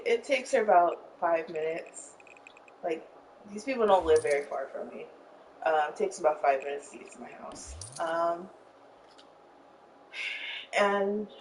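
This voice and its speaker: A woman's voice: fairly low pitch, takes it slowly, long pauses, a little mellow, a little hiss or hum. Rambling young woman, distant mic. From Arizona. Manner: rambling, many fillers, emotional retelling. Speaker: streamer telling a story. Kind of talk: casual storytelling while gaming.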